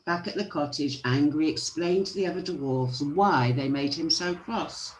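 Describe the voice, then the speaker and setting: A storyteller reading a children's picture book aloud with expressive delivery. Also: mid-range voice, unhurried, a little hiss or hum, low-quality recording.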